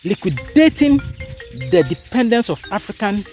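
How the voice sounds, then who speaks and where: A man's voice: a little high, expressive, normal speed, soft background music. A man from Ghana hosting a session of political commentary, speaking emphatically and repeating phrases for stress. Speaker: host.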